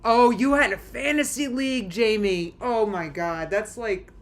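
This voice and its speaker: With a fairly high voice at a measured pace, this woman streams from home and talks casually to her live chat. She rambles anxiously, restarting often and laughing nervously.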